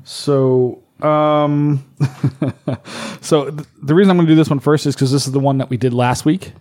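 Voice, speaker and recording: A man's voice: fairly high pitch, steady tone, a little slow, darkish tone. A man co-hosting a casual podcast, reading listener emails and chuckling between lines. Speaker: podcast co-host. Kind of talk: casual chat.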